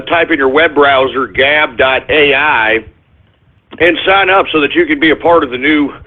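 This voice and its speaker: A man hosting his own talk radio show, rambling in a comic monologue and breaking off to scold his crew and his dog in exasperation. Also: medium pitch. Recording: phone-like narrow-band audio.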